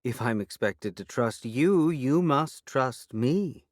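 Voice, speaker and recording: A man's voice: mid-range voice, expressive, slow pace, no echo, clean studio sound, voice pushed up. A man voicing a defiant fairy woman. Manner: proud, sharp and defiant. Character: defiant female guardian fairy.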